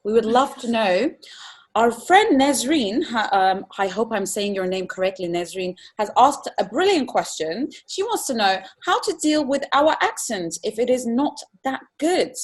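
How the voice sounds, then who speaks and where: A woman hosts a webinar question session over a video call. English is not her first language. Her voice sits fairly high, and she sounds friendly as she reads out questions from the audience. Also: lively intonation, moderate pace, breathy edge. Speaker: webinar host. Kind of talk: moderating a webinar Q&A.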